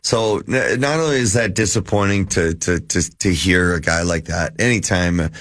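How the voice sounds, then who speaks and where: A man's voice: low voice, moderate pace, fairly bright tone, no echo, studio quality. A middle-aged man, a former hockey player, co-hosting a casual sports radio chat and rambling with many restarts.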